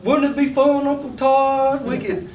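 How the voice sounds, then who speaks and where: Grown man doing a little southern kid begging for a toy, high squeaky voice, roomy echo from far off. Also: flat delivery, dull audio. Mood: eager. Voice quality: eager, drawn-out pleading. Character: excited little Southern boy, wheedling and persuasive. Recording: roomy hall from a distance.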